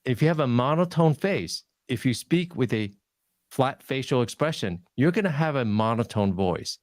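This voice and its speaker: A man giving an emphatic coaching talk over a video call. His voice sits mid-range and sounds dry and close. He punches key words and varies his pitch for effect. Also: lively intonation, moderate pace, dry recording. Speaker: guest presenter on public speaking. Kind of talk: webinar presentation.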